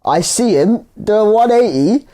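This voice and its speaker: A young man, co-hosting a casual podcast and acting out a road story with lively retold lines. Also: high voice, moderate pace, a little hiss or hum. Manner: animated storytelling, acts out his own lines. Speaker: podcast co-host. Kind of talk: casual chat.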